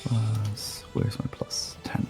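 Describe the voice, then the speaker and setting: Slow, hesitant male tabletop player. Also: dark tone, soft background music. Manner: hesitant, many ums, laughs. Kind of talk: casual chat in a tabletop game.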